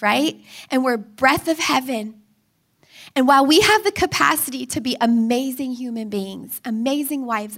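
A woman's voice: sits high, a bit bright. A woman in her thirties giving a sermon, telling family stories and acting out her own pleading and her child's cries. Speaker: speaker.

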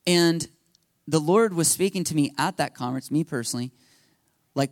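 A man pastor telling a story in his sermon, animated, laughing, and acting out quotes. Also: fairly high pitch, moderate pace, pauses often, no echo, studio quality.

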